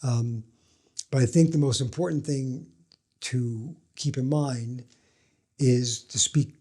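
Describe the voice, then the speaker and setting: A male film director and writer giving a thoughtful, frank interview answer with gentle self-deprecation. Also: mid-range voice, steady tone, takes it slowly.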